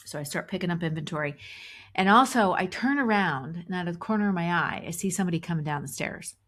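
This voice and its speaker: A middle-aged woman with a fairly low voice tells a story on her podcast. She restarts often and acts out her own thoughts as she goes. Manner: animated retelling with many restarts and acted inner thoughts. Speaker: podcast host. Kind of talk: storytelling monologue.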